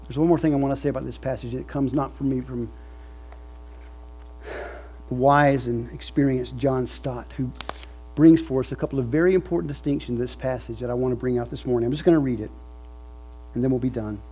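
Husky-voiced male preacher. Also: mid-range voice, fairly even intonation, a little fast, long pauses. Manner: builds from quiet reflection to loud emphatic preaching. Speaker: pastor. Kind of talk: sermon.

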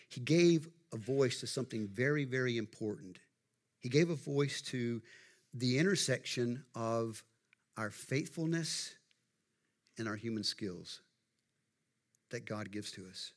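Middle-aged pastor, folksy sermon delivery, chats with the congregation. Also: male voice, mid-range voice, expressive, unhurried, pauses often. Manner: conversational, folksy, asks the congregation questions.

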